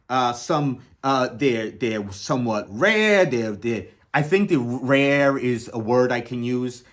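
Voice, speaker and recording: A young adult man hosting a comedy channel, rambling in a sarcastic, mock-enthusiastic deadpan sketch. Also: medium pitch.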